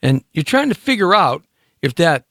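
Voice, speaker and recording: A man's voice: fairly high pitch, very animated, moderate pace, fairly bright tone, dry recording, clean studio sound. A man hosting a live talk show in a casual, rambling, playful monologue, speaking directly to his listeners.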